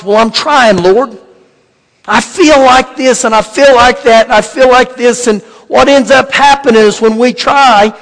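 A man preaches a sermon. He repeats key phrases and slows right down to stress words. His voice rings with a long reverb, as in a large hall. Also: very high-pitched, a bit bright. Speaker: pastor.

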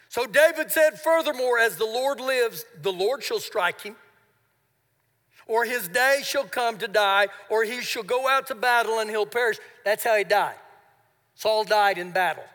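A man preaching live in a church hall, his voice very high for a man and ringing with long reverb. He swings from shouting to hushed, confiding retellings of scripture. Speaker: pastor. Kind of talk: sermon. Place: church sanctuary.

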